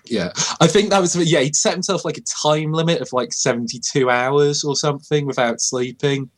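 A man's voice: a little high, moderate pace. A young man co-hosting a casual comedic chat, who rambles through stories with lots of fillers and keeps breaking into laughter. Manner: giggly, rambling with many fillers. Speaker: podcast co-host.

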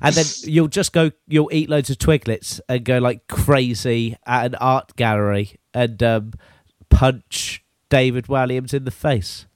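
A man's voice: mid-range voice, steady tone, a little slow, no echo. A young British man co-hosting a casual comedic chat, with dry, wry jokes and casual swearing. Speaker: podcast co-host.

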